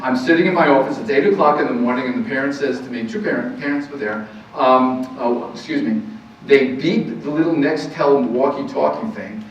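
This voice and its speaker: A man's voice: medium pitch, fairly quick. A man gives an earnest parenting talk as a counselor, stressing his points and asking rhetorical questions. He sounds far from the mic in a very reverberant room. The sound is muffled, with faint noise behind him. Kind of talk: lecture to a live audience. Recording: very echoey, distant, muffled room recording.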